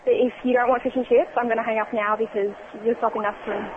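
A woman's voice: on the high side, level tone, quick pace, background noise. Firm woman on a tinny phone line. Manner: polite but firm and curt. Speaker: fish and chip shop worker.

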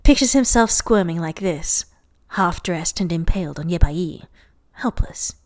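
A woman's voice: fairly low pitch, lively intonation, unhurried, a little mellow. A tipsy woman reading fan fiction aloud, giggling and breaking off into mock-dramatic asides. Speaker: reader.

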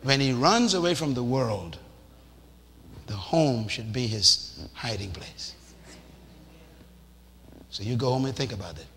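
A man preaching a sermon in a lively, animated way, acting out little scenes and shouting for emphasis. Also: medium pitch, measured pace, long pauses. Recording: reverberant hall with faint noise.

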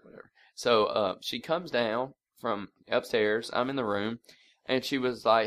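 A man's voice: medium pitch, a little slow. A man co-hosting a podcast, telling a family prank story with laughter and casual swearing. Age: adult parent. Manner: animated, laughing storyteller who swears freely. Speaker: podcast co-host.

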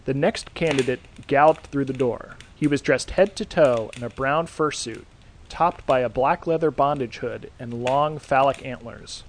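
A man narrating a scripted horror story in a dry, deadpan reading. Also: medium pitch, a little slow, a little hiss or hum. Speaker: podcast host and reader.

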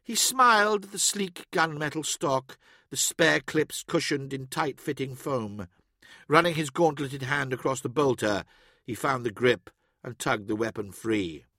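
A man reading an audiobook in steady, even scripted narration. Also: medium pitch, unhurried, no echo, studio quality.

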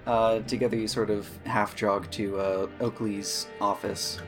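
A man's voice: fairly low pitch, unhurried, over music. A man running a tabletop game as game master, narrating loosely with many fillers. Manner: relaxed, hesitant with fillers.

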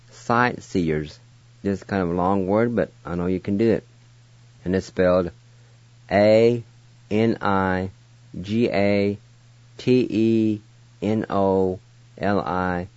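Slow patient man teaching words. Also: sits low, a little mellow, dry recording. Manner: patient, encouraging, spells letter by letter. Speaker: language teacher on a radio show. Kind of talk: slow spelled-out word lesson. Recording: dry, dull lo-fi radio sound.

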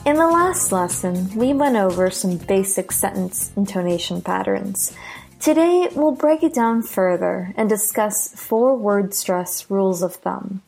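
A woman with an American accent teaching English pronunciation, speaking slowly and clearly and repeating example words for learners. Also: medium pitch, animated, a little mellow, faint music behind.

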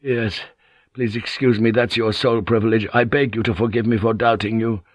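A man's voice: lowish voice, little pitch movement, moderate pace, dry recording, lightly acted. A man voicing a loyal, blunt old samurai general in an audiobook, eager and deferential. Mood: earnest. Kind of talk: audiobook character voice.

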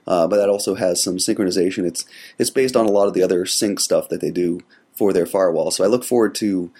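A man hosting a solo tech podcast with a cold, his voice gravelly, talking in a relaxed, rambling way with many fillers. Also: low voice, quick pace. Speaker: podcast host. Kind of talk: casual solo podcast monologue.

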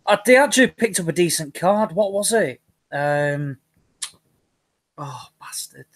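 A man's voice: fairly high pitch, lively intonation, unhurried, dry recording. A man on a podcast panel talking hesitantly in casual chat, often searching for details.

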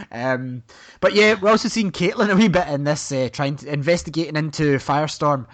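Chatty man, slightly high voice. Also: brisk, fairly bright tone. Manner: chatty, hesitant with many fillers. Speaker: podcast co-host. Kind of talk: casual fan discussion.

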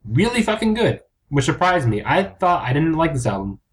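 A man's voice: a little high, sing-song, moderate pace, slight background noise. A man co-hosting a podcast in casual chat, blunt and teasing, swearing freely. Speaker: podcast co-host.

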